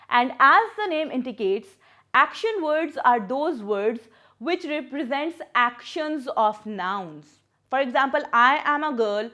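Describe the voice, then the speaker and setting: Woman teacher, unhurried and sing-song, patient with young learners. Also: high voice, a bit bright. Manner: patient, repeats words and splits syllables. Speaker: primary school English teacher. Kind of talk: recorded classroom lesson.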